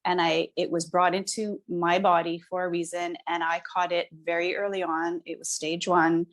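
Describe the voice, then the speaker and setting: A woman's voice: fairly low pitch, little pitch movement, moderate pace. A middle-aged woman, a podcast guest, talking casually and searching for words with many restarts. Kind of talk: casual interview talk.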